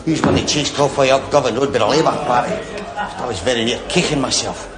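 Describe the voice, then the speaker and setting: An actor playing an excitable, boastful Glasgow pub regular with a Glaswegian accent. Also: male voice, mid-range voice, fairly quick, close to an everyday voice. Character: wide-eyed, boastful Glasgow pub regular, adult man. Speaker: pub pal. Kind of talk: 1990s sitcom acting.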